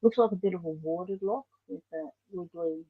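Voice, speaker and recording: A woman's voice: lowish voice, moderate pace, husky, no room sound. An Australian woman hosting a casual livestream, chatting in a rambling way and answering viewer comments. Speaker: livestream host. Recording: dull lo-fi stream audio.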